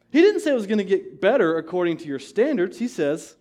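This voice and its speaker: A man's voice: sits high, sing-song, fairly quick, few pauses, warm tone. A male pastor preaching a sermon in a church, impassioned and emphatic, repeating key phrases. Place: church sanctuary.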